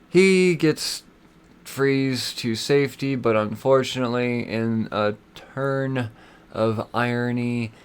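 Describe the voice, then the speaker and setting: A man hosting a solo podcast, talking in a casual, rambling, excitable way with plenty of swearing. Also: medium pitch. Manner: rambling, excitable, profane, full of fillers. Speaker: comic book podcast host.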